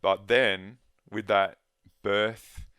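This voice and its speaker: A man with a very low, flat voice talks as a guest in a conversation, earnest and halting, often breaking off to start again. His tone is smooth and clear, and the sound is dry and close. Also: dry recording. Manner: earnest, halting, with many restarts. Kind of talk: casual conversation.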